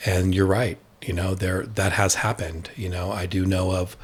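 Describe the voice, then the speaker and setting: A man's voice: low-pitched, flat delivery, normal speed, breathy edge. A man, an addiction expert, speaking candidly in a podcast conversation and telling a personal story with quoted dialogue.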